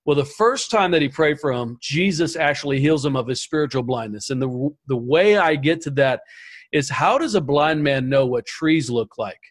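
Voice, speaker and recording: A man on a panel telling his spiritual testimony in an animated way, often repeating words as he goes. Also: medium pitch, moderate pace. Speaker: panel guest. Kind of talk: storytelling testimony.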